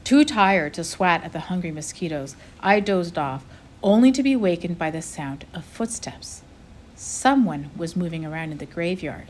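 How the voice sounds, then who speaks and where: Woman reading a novel aloud, expressive. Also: fairly low pitch, moderate pace, a little hiss or hum. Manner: expressive storytelling.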